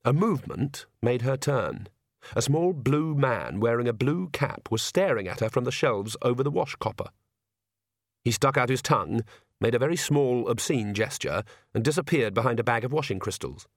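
A man's voice: medium pitch, lively intonation, no echo. Man narrating an audiobook, dry close voice. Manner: measured, dry storytelling.

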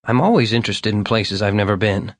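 A man's voice: on the low side, fairly quick, no room sound, clean studio sound, natural voice. A man voicing an eager, talkative young man whose lines come out raised and insistent. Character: eager chatty young man, upbeat and earnest.

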